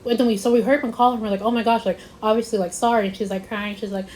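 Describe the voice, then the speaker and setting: A woman's voice: a little high, fairly even intonation, racing, few pauses, darkish tone, a little hiss or hum, rough recording. A young woman vlogger telling a casual storytime, rambling with lots of "like" and stressing her points. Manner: rambling, repeats herself, lots of "like".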